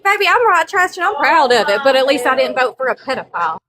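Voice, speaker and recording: High-pitched brassy woman cussing on a live stream, calls everyone baby, crowd noise behind her. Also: sing-song, fast talker. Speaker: livestream guest. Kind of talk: heated political debate.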